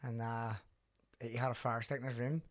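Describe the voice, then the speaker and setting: A man's voice: medium pitch, level tone, moderate pace. A man with a thick Belfast accent hosting a podcast, telling stories in a loose, swearing, laughing way. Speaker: podcast host. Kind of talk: casual chat.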